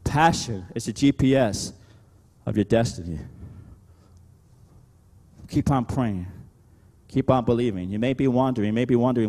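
A male pastor preaching a sermon, calling out "Amen?" to the congregation and swinging between loud emphatic exhortation and quieter talk. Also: mid-range voice, moderate pace, long pauses, big-room sound. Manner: preaching with call-and-response "Amen?".

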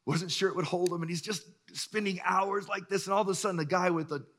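A middle-aged man preaching a sermon, telling stories with lively acted-out voices and frequent chuckles. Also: sits high, fast. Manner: animated storyteller, acts out voices, chuckles often. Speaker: pastor.

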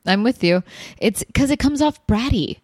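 A woman's voice: on the high side, expressive, normal speed, darkish tone, no room sound. Laid-back woman co-host, dry sound. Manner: laid-back, swearing, many "yeah"s. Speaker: podcast co-host. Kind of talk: casual chat.

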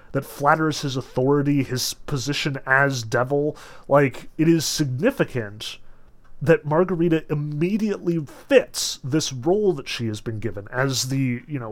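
A man giving a casual lecture on a novel, talking in a chatty way with many filler words and restarts, and leaning on his key points with emphasis. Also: a little high. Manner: emphatic when stressing points. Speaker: literature lecturer. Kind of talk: casual lecture on a novel, reading passages aloud.

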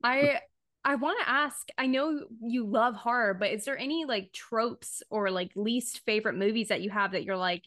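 A woman's voice: fairly high pitch, normal speed, fairly bright tone, no echo, clean studio sound. A woman hosting a casual interview who reacts eagerly and asks her guest questions. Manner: enthusiastic, reactive listener. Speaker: podcast host.

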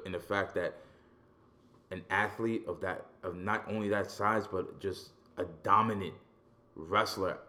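A man with a somewhat low voice chats casually as a podcast co-host. He gets animated and profane, restarting phrases as his excitement builds. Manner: animated, profane, repeats words when excited. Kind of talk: casual wrestling talk.

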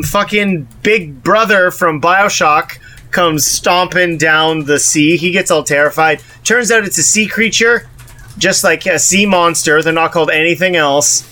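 A man's voice: high voice, pushed and bright. A man co-hosting a podcast, recapping a movie with sarcastic, profane casual chat. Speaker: podcast co-host.

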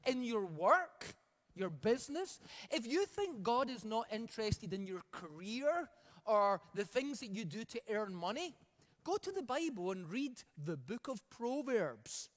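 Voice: medium pitch, sing-song, measured pace, long reverb tail. A preacher delivering an emphatic sermon, stretching out key words and leading the congregation in call-outs.

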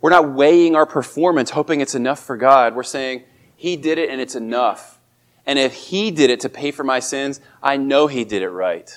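A man preaching a sermon as a pastor, speaking earnestly and lifting his voice on emphatic lines. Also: normal speed. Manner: earnest, rises in pitch and volume on emphatic quotes.

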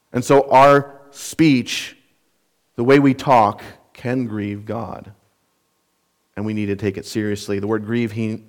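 A man preaching an expository sermon, earnest and emphatic, explaining word meanings and putting rhetorical questions to his listeners. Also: medium pitch. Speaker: pastor.

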